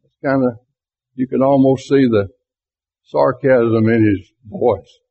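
A man's voice: medium pitch, slow, vocal fry, breathy edge. A man teaching a Bible class in a conversational way, asking his listeners rhetorical questions. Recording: tinny phone-like lo-fi recording.

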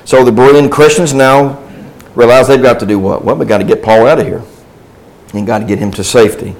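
A man's voice: mid-range voice, gravelly, rough recording. A man teaching a Bible class in a conversational way. He asks the class questions and answers them himself, with restarts and asides along the way.

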